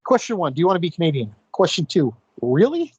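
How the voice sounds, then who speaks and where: A man with a fairly high voice who talks fast and cracks jokes as a wrestling podcast co-host. His sound is a little dull and muffled, and dry with no room echo. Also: very animated, darkish tone, breathy edge. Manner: joking, quick banter. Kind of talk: casual wrestling podcast chat.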